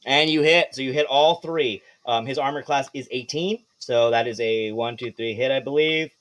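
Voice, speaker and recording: A man running a live tabletop game as game master, narrating with animated energy, swearing and laughing. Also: medium pitch, moderate pace.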